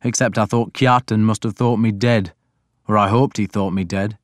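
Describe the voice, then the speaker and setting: A man giving a deliberate, even first-person audiobook narration. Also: lowish voice, dry recording, studio quality.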